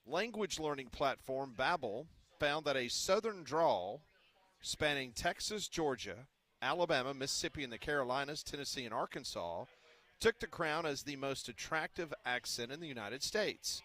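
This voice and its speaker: A man with a bright, forceful voice hosts a live sports talk radio show. He reads listener questions in a brisk, practiced announcer delivery. He speaks at a steady middle pitch. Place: live broadcast from a restaurant.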